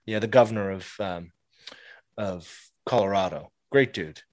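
A man's voice: on the low side, measured pace, darkish tone, no room sound, clean studio sound. A man co-hosting a podcast, chatting casually about politics, laughing often and restarting his sentences. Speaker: podcast co-host.

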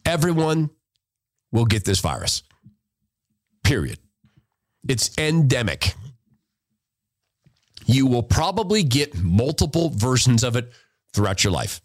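Heated, animated male podcast host. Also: mid-range voice, takes it slowly, pauses often, no echo. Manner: heated, emphatic, sarcastic. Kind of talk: podcast commentary rant.

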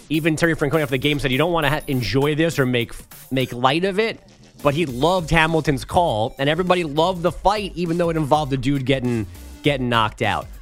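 A man hosting a casual sports talk show, recapping a baseball fight in an animated storytelling way. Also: fairly high pitch.

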